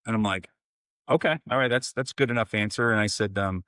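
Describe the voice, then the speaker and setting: A man in his forties talks through a story as a podcast guest. His voice sits somewhat low, and he often restarts his sentences and acts out what people said. The sound is dry and close, with no room around it. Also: steady tone, brisk, a bit bright, no echo. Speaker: podcast guest, life coach. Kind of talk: casual interview conversation.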